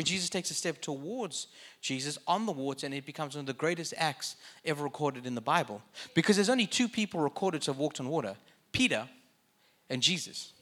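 Bright, forceful male preacher. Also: fairly high pitch. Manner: conversational preaching with joking asides. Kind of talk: sermon.

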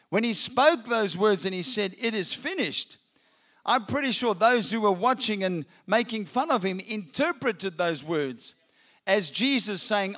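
A male pastor delivers an Easter sermon to a church congregation. His voice sits high for a man, and he slows down and pauses to let key lines land. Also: a bit bright. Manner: preaching with dramatic pauses, slowing for emphasis. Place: church with a balcony.

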